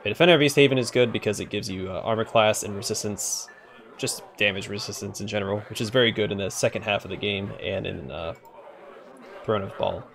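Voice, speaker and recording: A man's voice: fairly low pitch, fairly quick, vocal fry, fairly bright tone. A man giving casual let's play commentary, thinking aloud with frequent hesitations.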